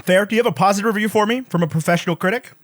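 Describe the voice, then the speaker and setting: Podcast host, male, high voice, wry and quick with jokes, leads the chat. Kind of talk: casual movie chat.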